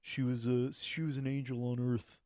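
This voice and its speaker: A man imitating his stepfather, a gruff, brutish, insincere man who mumbles and halts. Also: medium pitch, flat delivery, darkish tone, no echo, studio quality, lightly acted. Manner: mumbling, halting.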